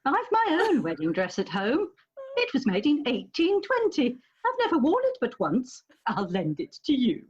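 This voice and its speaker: A woman's voice: high-pitched, huge pitch swings, normal speed, a little mellow. A woman playing a dry, worldly-wise elderly matron in a radio play recorded over a video call. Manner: dry, knowing. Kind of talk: Zoom radio play acting. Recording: muffled video-call audio.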